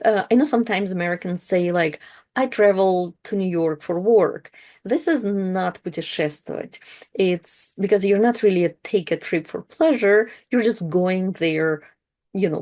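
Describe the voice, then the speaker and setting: A woman teaching a language lesson, patiently explaining verbs and repeating each word slowly for practice. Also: medium pitch, a little mellow.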